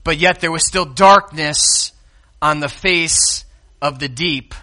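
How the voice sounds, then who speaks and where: A man preaching a sermon to his congregation, swinging from loud, emphatic declarations to hushed asides and talking directly to the people in front of him. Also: on the high side, slow pace. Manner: speaks directly to the congregation, calling to the kids and the lights operator. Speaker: pastor.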